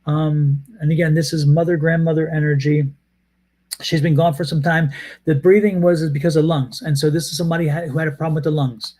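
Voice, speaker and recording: A man with a fairly high voice giving a live tarot reading. He rambles, stops and restarts, and repeats phrases as he goes. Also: steady tone, brisk, darkish tone. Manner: rambling, repeats himself, many hesitations. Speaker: tarot reader.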